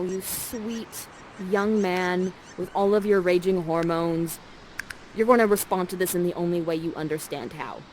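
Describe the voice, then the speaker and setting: A woman's voice: lowish voice, unhurried, a little mellow, slight background noise, poor audio. Bubbly woman narrating a live play. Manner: bubbly, coaxing, jokey. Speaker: immersive theater performer guiding players. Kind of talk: playful live narration and stage directing.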